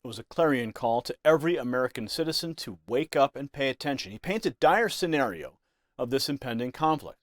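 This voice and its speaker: A man's voice: medium pitch, lively intonation, fairly quick, dry recording. Dry, ominous male news narrator. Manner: ominous, emphatic delivery. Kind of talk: scripted dramatic narration.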